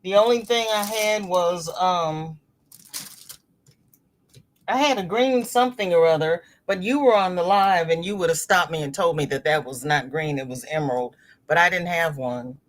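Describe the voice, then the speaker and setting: A middle-aged woman hosting a crochet livestream, chatting casually with viewers and reading their comments aloud, chatty and expressive, with sudden exclamations. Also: fairly low pitch, normal speed.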